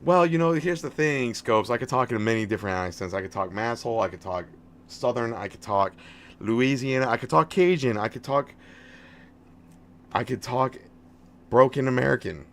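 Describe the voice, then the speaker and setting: A man in his thirties livestreams a game, chatting in a friendly, rambling way at a moderate pace with a mid-range voice. He often restarts his words.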